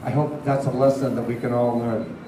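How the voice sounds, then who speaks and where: A man's voice: medium pitch, flat delivery, brisk, mellow, a little hiss or hum. A man, a guest at a convention panel, telling chatty stories to the crowd with frequent laughs during a Q&A. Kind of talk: convention Q&A storytelling. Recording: roomy hall picked up from a distance.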